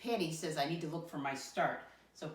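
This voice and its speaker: A woman's voice: low voice, fairly quick, a little hiss or hum. A woman teaching a math lesson to young children in a sing-song teacher voice, counting aloud and calling them "my friends". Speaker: first grade teacher. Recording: roomy sound from a distant mic.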